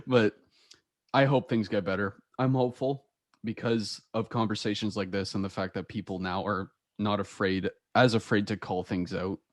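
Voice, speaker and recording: A man's voice: lowish voice, fairly even intonation, normal speed, dry recording, studio quality. A young man hosting a podcast, chatting casually and telling stories with a lot of laughter. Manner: laughs often, storytelling with quoted voices. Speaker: podcast host. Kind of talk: casual chat.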